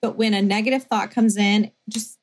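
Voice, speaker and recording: Woman, husky voice, casual podcast chat, animated, lots of fillers. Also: medium pitch, moderate pace, poor audio. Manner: animated, many fillers and quoted self-talk. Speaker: podcast co-host.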